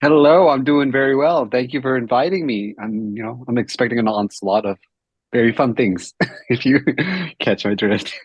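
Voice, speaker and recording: A man's voice: mid-range voice, normal speed, slightly rough, no room sound, lo-fi sound. A man joining a panel as a journalist, playful and laughing easily. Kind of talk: casual chat on a video call.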